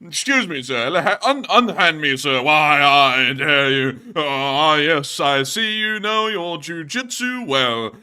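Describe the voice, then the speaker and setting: A man's voice: a little high, animated, slow pace, few pauses, clean tone, voice pushed up, full character voice. A man doing an outraged man under arrest. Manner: outraged, theatrical, loud. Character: indignant man protesting his arrest.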